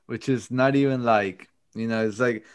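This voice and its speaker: A man's voice: medium pitch, steady tone, moderate pace, clean tone. Loose, profane podcast host, man. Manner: loose, profane, laughing often. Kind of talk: casual chat.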